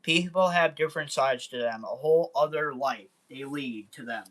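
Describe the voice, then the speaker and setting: A man's voice: mid-range voice, moderate pace, fairly bright tone, lightly acted. A man reading aloud as a brooding masked male vigilante from a comic book, earnest and plain.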